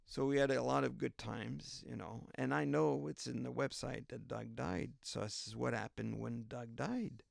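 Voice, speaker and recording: A man's voice: medium pitch, fairly even intonation, normal speed, creaky, hardly any pauses, no echo, clean studio sound. A man podcast host casually retelling a story in a chatty, rambling way, full of filler asides.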